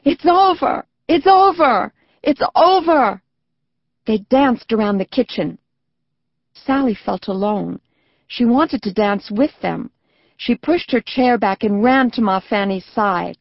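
Woman gently narrating a storybook. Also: mid-range voice, a little slow, vocal fry, no room sound, lo-fi sound. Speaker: audiobook narrator. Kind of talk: scripted narration.

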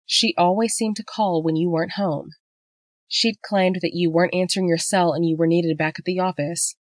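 A woman's voice: lowish voice, fairly even intonation, moderate pace, no echo, lightly acted. A woman voicing a betrayed wife and mother who speaks in heated, angry bursts, in a dry-sounding audiobook reading. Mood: cold. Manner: heated, raising her voice in anger.

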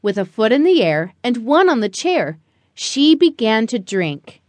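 A woman narrating a rhyming children's picture book in a slow, expressive storytelling manner. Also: on the high side, dry recording. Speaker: audiobook narrator.

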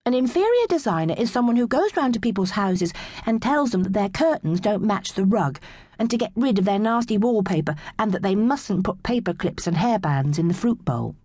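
A woman's voice: medium pitch, expressive, a little fast, a little mellow, no room sound. Playful woman narrating a children's story. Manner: playful, wide-eyed storytelling. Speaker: audiobook narrator. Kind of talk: children's audiobook narration as a young girl.

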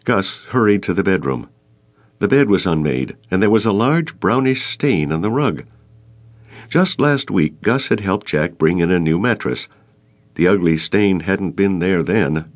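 A man narrating a short fiction audiobook in a measured storytelling manner. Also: deep voice, very animated. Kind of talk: scripted narration.

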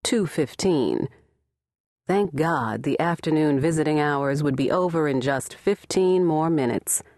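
A woman narrating a novel in an expressive, measured reading on a close studio mic. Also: low voice, dry recording. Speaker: audiobook narrator. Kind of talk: scripted narration.

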